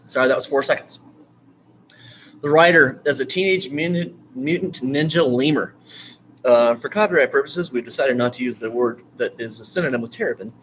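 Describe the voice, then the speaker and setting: An enthusiastic male writing instructor gives a casual screen-share lecture, rambling and digressing with many fillers and restarts, broken by bursts of excited enthusiasm. His voice is medium-pitched at normal speed, with slight background noise.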